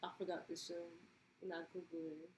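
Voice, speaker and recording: A woman's voice: on the low side, flat delivery, brisk, a little mellow, roomy sound, slight background noise, low-quality recording. A woman reacting to a video in casual chat, talking hesitantly and asking lots of questions. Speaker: co-host reacting.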